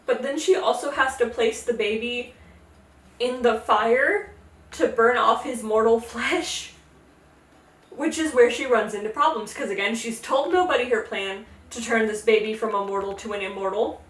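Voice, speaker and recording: A woman hosting a casual, jokey retelling of a myth, slipping into quick character voices. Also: a little high, echoey room, recorded from a distance. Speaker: podcast host. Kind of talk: casual tipsy mythology retelling.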